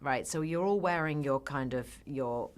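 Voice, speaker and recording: An actress chatting in a press interview, an animated storyteller who laughs often. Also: female voice, a bass voice, normal speed. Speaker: actress guest. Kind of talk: casual press interview chat.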